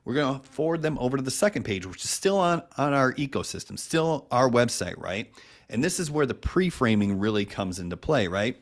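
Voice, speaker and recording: A man teaching an online marketing method in a casual, conversational way, often checking in with "right?" and tossing off quick made-up examples. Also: medium pitch, expressive. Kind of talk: casual instructional talk.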